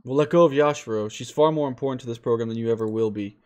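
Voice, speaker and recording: A man's voice: medium pitch, fast, darkish tone, close to an everyday voice. A man reading aloud the lines of a cold, commanding woman scientist in a curt, scornful way.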